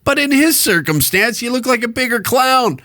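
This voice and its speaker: A man's voice: very high-pitched, lively intonation, moderate pace, pushed and bright, no echo, clean studio sound. A man hosting a solo podcast, ranting in a blunt, profane, rambling and jokey way. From Canada. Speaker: podcast host. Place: alone in a small recording room.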